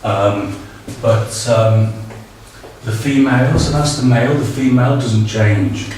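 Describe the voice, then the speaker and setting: A man's voice: mid-range voice, unhurried, a little mellow. Hesitant male teacher in an echoey room. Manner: hesitant, many ums and uhs. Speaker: language teacher. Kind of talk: casual spoken tutorial. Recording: very echoey, distant, faint background noise.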